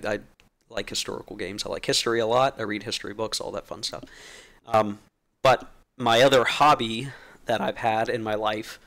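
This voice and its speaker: A man's voice: mid-range voice, fairly bright tone. A man hosting his own channel, musing in a loose, informal essay with lots of fillers and restarts, still getting over being sick. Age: adult, played since teenage years through college. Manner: rambling, with many fillers and restarts. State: recovering from being sick, clearing throat. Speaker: channel host.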